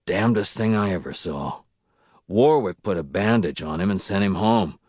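A man reading the part of a blunt mill worker telling a story in rough, folksy slang. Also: deep voice, lively intonation, moderate pace, darkish tone, no room sound, studio quality.

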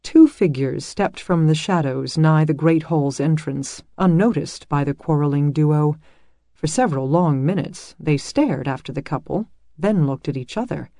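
Brief: mellow narrator, dry close recording, steady scripted audiobook reading. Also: mid-range voice, normal speed, dry recording. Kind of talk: scripted narration of a medieval romance.

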